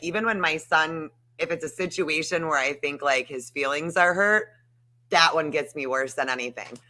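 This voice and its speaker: A woman's voice: sits low, bright, forceful tone. A woman guest in a casual chat, heated and emphatic, swearing as she talks.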